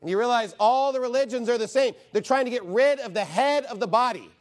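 A man's voice: very high-pitched, brisk. A man preaching a sermon as pastor, emphatic and rhetorical, mocking objections in quoted voices.

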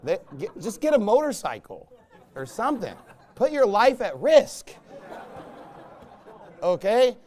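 A man, a pastor, delivering a sermon in a blunt, emphatic and scornful way, with loud bursts. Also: high-pitched, big pitch swings, unhurried, pauses often.

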